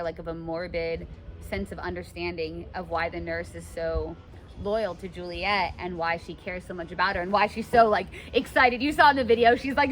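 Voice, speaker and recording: A woman teaching a class in a casual, animated way, full of fillers, in a classroom. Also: fairly low pitch, slight background noise. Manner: chatty, animated, many fillers. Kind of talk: classroom lecture with read-aloud passages.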